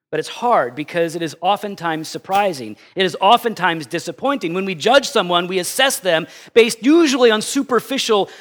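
High-voiced man preaching a sermon. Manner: animated, anecdotal, self-deprecating. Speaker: pastor. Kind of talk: conversational sermon with storytelling.

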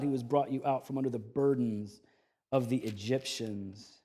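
A man preaching a sermon, his voice swelling loud on key phrases and dropping soft between them. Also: mid-range voice, normal speed. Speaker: pastor.

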